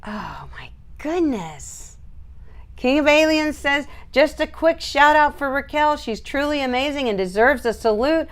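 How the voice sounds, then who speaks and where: A woman dog groomer hosting a casual live stream, chatting and reading out viewer comments in an animated, laughing way. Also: sits high, a little slow.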